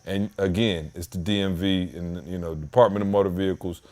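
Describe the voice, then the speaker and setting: Animated low-voiced man telling a story. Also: brisk. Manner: animated, slangy, rises in pitch when worked up. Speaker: podcast host. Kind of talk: casual podcast storytelling. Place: home basement.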